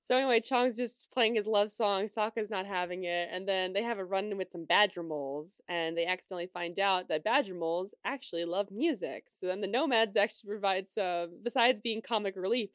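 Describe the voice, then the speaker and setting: A woman's voice: medium pitch, smooth, dry recording, clean studio sound. A woman co-hosting a podcast, chatting loosely through an episode recap with lots of fillers and giggles. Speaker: podcast co-host. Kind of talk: casual episode recap chat.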